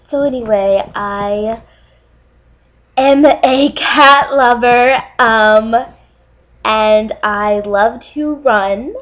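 A young adult woman speaking in a halting, tearful confessional monologue, crying through her words with many pauses and ums. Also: on the high side, fairly even intonation, a bit bright. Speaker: online dating video poster.

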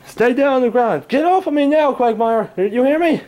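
A man voicing a furious, hot-tempered male character who yells threats. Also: very high voice, lively intonation, normal speed, a little hiss or hum, voice pushed up. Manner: shouting, yelling threats.

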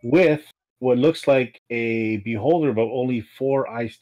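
Slow-talking male game master. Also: mid-range voice, darkish tone, highs cut off. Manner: slow, halting, with fillers. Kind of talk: narrating a tabletop game.

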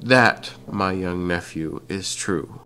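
A man voicing a sly young vampire villain who is the hero's uncle, talking in a silky, calm, gloating way. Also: deep voice, slow pace, clean tone, faint music behind, heavily acted.

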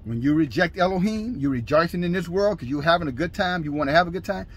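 A man preaching a fiery, scolding sermon, shouting scripture in bursts at his listeners. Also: fairly high pitch, animated, quick pace. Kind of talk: fiery street-style sermon.

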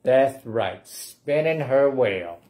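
A man reads a picture book to children at a library storytime, playfully urging them to say the refrain with him. His mid-range voice is animated and darkish, with a slow pace.

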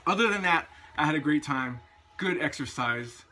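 Bright-voiced man telling a story. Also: fairly high pitch, expressive, moderate pace, faint music behind. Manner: chatty, anecdotal. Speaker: vlogger. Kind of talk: casual storytelling vlog.

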